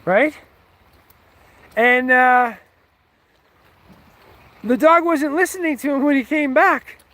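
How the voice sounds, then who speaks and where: A man with a strikingly high voice tells a rambling, heated story, swearing freely as he goes. He sounds casual and offhand. The sound is dry and close, with no room echo. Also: slow, pushed and bright. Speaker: vlogger.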